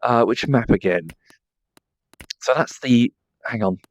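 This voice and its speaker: A man's voice: mid-range voice, slow, dry recording, highs cut off. A man with an Estuary English accent, chatting casually on his livestream, reading chat and talking fondly to his dog. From south of England. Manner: chatty, fondly baby-talks to his dog between remarks.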